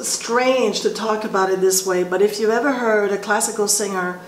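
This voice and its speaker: A woman voice teacher explaining vocal placement in a slow, halting way, often restarting her sentences. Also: mid-range voice. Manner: explains slowly with frequent restarts. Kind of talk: instructional talk with sung demonstrations. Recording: roomy echo with faint ambient noise.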